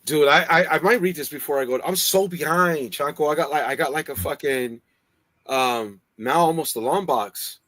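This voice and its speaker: A man from California co-hosting a comics livestream, chatting casually in an excitable, profane, chummy way. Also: on the high side, normal speed, dry recording. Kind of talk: casual chat. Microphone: livestream setup.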